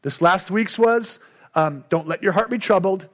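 A man's voice: high voice, normal speed, a bit bright. A middle-aged male pastor preaching a sermon with emphatic, repetitive call-and-response lines.

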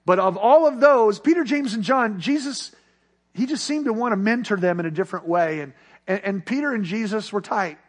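Fairly quick and high-pitched, this man's earnest sermon story rises along with the tension. Once he arrives at the moral, he lowers his voice to a hush.

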